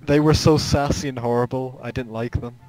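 A man's voice: medium pitch, steady tone, fairly quick, music in the background, low-quality recording. A young man chatting casually while playing a game with friends, joking and laughing often. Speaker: gaming channel host.

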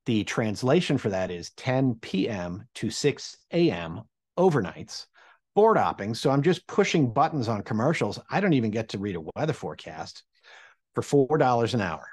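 Speaking at a moderate pace, this man's medium-pitched voice has a sing-song lilt, a darkish tone and a breathy edge. He's a storyteller in his forties from the Midwestern US, relating a personal anecdote to camera and leaping between voices for the people he quotes.

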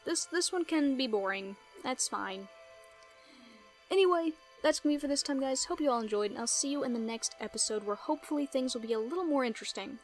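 A woman's voice: sits high, lively intonation, quick pace, soft background music. A woman hosting a casual game playthrough, playful and self-mocking, with giggly asides. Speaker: gaming video host.

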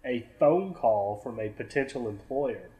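A man chats in a wry, talkative way on a political show. His voice is of average pitch for a man, and he recalls things in a loose, conversational flow. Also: lively intonation, unhurried, mellow. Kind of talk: casual political chat.

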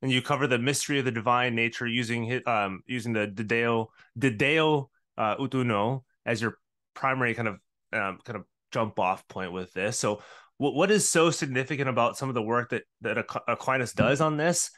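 A man with a bright, forceful voice co-hosts a podcast. He asks questions casually, with many fillers and restarts. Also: mid-range voice, a little fast. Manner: affirming, informal questioning with fillers. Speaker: podcast co-host. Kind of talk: casual interview chat.

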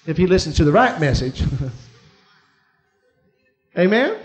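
High-voiced preacher telling a church story. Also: male voice, big pitch swings, takes it slowly, pauses often. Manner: storytelling preacher, rising to emphatic peaks. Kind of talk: sermon.

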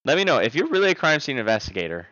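A young man chatting casually on a live stream, loud one moment and mumbling the next. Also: mid-range voice, racing, dry recording. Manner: animated, swings between loud outbursts and mumbling. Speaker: livestreamer. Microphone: streaming microphone. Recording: dry, dull lo-fi sound.

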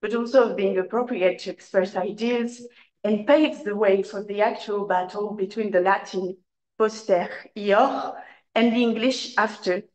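A woman, an academic speaker reading a prepared paper aloud at a conference in a measured, formal way with occasional hesitations. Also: medium pitch, steady tone, darkish tone, rough recording. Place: lecture room at a conference.

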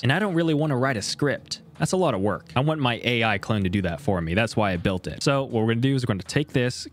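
A man hosting a casual tech tutorial, explaining each step in a relaxed, conversational way. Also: medium pitch. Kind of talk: casual screen-recorded tutorial.

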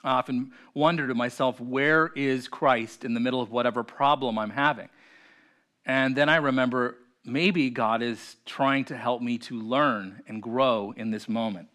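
Man, pastor, sermon, reflective, mid pitch, softens for emphasis. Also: moderate pace.

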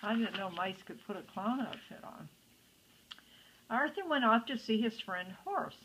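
A woman's voice: fairly high pitch, lively intonation, measured pace, background noise. Older woman reading a picture book. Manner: chatty asides to young listeners. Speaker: storytime reader.

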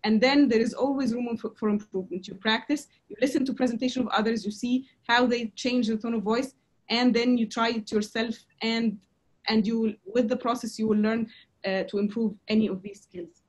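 A woman teaching presentation skills in a lecture, talking in a halting way with many fillers and restarts. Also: fairly high pitch, fairly even intonation. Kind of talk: lecture to a class.

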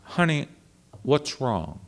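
A man imitating an elderly, genteel woman vocal coach who drawls softly and calls everyone honey. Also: mid-range voice, big pitch swings, takes it slowly, gravelly, full character voice. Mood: stern.

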